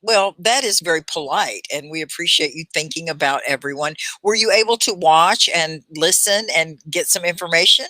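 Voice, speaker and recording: Bright, effusive woman teacher. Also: lowish voice, no room sound. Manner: effusive, praising and welcoming; talks slowly at points for learners. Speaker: English teacher hosting a livestream. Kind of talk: live online English class, greeting students.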